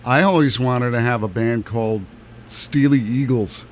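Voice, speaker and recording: A man's voice: mid-range voice, a little slow, slight background noise. A man who has long played in a band, chatting casually and telling playful stories. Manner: playful storyteller, jokes around. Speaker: longtime band member. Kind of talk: casual chat.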